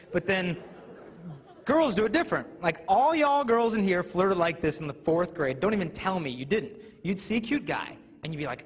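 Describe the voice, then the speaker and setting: A youth speaker gives a live talk to students in a large hall with an audience, telling funny stories and acting out voices. His voice sits high and sounds animated at a normal speed. The recording carries the hall's reverb and faint ambient noise.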